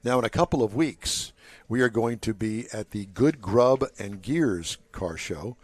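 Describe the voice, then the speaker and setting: A man's voice: lowish voice, animated, a little slow, no echo. An older man hosting a live talk show from a car show, chatty and joking with his co-hosts. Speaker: host. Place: outdoor waterfront car show.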